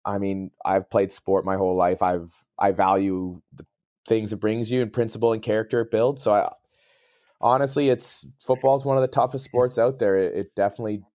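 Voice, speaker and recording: Young man, fairly low voice, podcast guest, easygoing, agreeable, casual chat. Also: steady tone, brisk, darkish tone, no echo, clean studio sound. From northern Canada.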